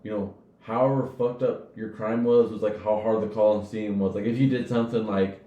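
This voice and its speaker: A man rambles through his points on a crude comedy podcast, leaning on "like" over and over. His voice sits on the low side. The sound is roomy and echoey. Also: fairly even intonation, a little fast, mellow. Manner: rambling, heavy use of "like". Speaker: podcast co-host. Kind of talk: casual comedy podcast chat. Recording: echoey room.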